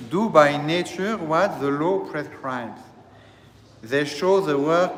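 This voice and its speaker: A man who serves as a priest, delivering a slow, deliberate teaching sermon and repeating phrases as he explains. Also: fairly high pitch, slight background noise. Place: church. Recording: echoey church hall, faint ambience.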